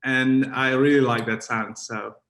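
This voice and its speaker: A man's voice: mid-range voice, steady tone, measured pace, a bit bright. A man from the Netherlands with a Dutch accent, a podcast guest speaking hesitantly with many fillers. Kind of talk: casual podcast interview.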